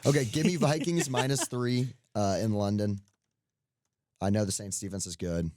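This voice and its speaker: A man's voice: lowish voice, fairly even intonation, normal speed, a little mellow, no echo, clean studio sound. A young man co-hosting a podcast, chatting casually about sports bets, joking and rambling and laughing at himself. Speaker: podcast co-host. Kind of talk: casual sports betting chat.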